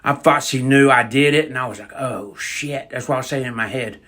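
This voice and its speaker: A young man telling a crude comedic prank story in a rambling, deadpan way. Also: mid-range voice, quick pace.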